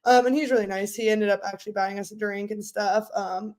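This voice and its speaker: A young woman co-hosting a podcast, telling stories in a loud, animated way with frequent laughter. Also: mid-range voice, brisk. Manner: loud, animated storyteller who laughs often. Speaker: podcast co-host. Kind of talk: casual chat.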